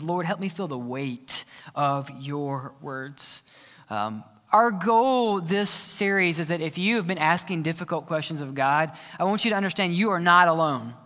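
In a reverberant church sanctuary, a male pastor with a high, pushed, bright voice delivers an earnest, emphatic sermon, frequently asking his listeners questions.

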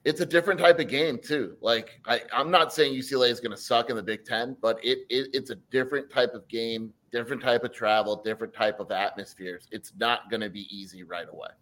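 A man co-hosting a sports podcast, joking around and pitching hot takes in casual chat. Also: brisk, few pauses. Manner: animated, jokey hot takes. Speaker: podcast co-host.

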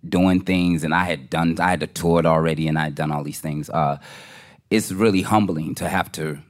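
Very deep-voiced laid-back musician man. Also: fairly even intonation, normal speed. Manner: laid-back, rambling, slangy. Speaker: musician, co-host. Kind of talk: casual chat.

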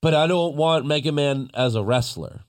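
A man hosting a casual podcast, recapping wrestling with animated storytelling and mocking impressions. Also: fairly high pitch, moderate pace. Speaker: podcast host.

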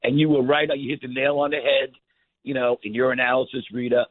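Rambling caller on a tinny phone line. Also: male voice, medium pitch, level tone, no room sound. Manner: rambling, halting, many fillers. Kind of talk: call-in talk radio.

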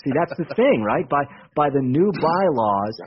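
A man talking casually in a radio interview, animated and repeating words as he explains. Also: on the high side, normal speed, highs cut off, a little hiss or hum. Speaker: baseball team executive guest.

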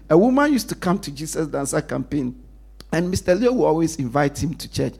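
A male pastor preaching with a husky edge and a pitch that swings widely. He asks the congregation to finish his sentences, and he sinks to a near whisper when he stresses a point. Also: normal speed. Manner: call-and-response preaching, lively pitch, drops to a hush for emphasis. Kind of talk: sermon.

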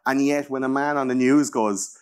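An Irish man in his thirties hosting a casual chat. He rambles on with plenty of swearing and easy profanity. He stays loose and animated throughout. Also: mid-range voice, normal speed, clear, resonant tone.

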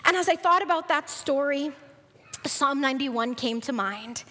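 A woman with a high voice preaches to her congregation with earnest storytelling and lets her voice climb for the characters. Her words carry a long reverb, as if spoken in a large church hall. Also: moderate pace, pushed and bright. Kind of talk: sermon storytelling.

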